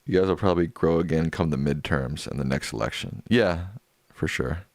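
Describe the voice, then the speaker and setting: A man's voice: a bass voice, moderate pace, darkish tone, dry recording, studio quality. A man hosting a livestream after-show, casually reading viewer comments aloud and answering them offhand. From United States. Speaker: livestream host reading chat. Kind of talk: casual chat.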